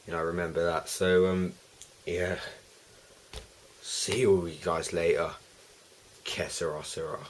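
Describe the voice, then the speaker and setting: A man's voice: sits low, flat delivery, a little slow, pauses often, a little hiss or hum. A young man ranting and swearing through a fan video review of a football match, rambling with many restarts.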